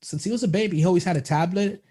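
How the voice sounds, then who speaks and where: Young male podcast guest, mellow and slightly high voice, enthusiastic and quick to laugh. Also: husky. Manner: enthusiastic storyteller, laughs a lot, animated quoting of others. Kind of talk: casual interview chat.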